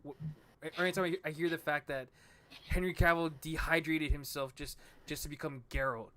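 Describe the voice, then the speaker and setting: A man hosting a casual podcast chat on a headset mic, halting and repeating words as he talks. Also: a little high, fairly even intonation, pushed and bright. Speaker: podcast host.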